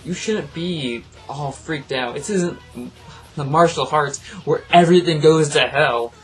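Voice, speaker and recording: Rambling reviewer, mid-pitched voice, swears a lot, exasperated, faint music behind. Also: unhurried. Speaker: anime reviewer. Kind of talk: casual ranting review.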